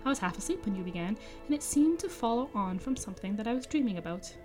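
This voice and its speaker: A woman reading the lines of a gentle, modest young male hobbit who speaks softly and hesitantly. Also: on the high side, expressive, quick pace, faint music behind, close to an everyday voice. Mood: dreamy.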